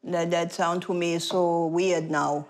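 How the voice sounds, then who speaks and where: A woman from Australia with an Italian-sounding accent, telling her story in a casual interview with animated restarts. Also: fairly low pitch, a little slow. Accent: Italian-sounding, from foreign accent syndrome.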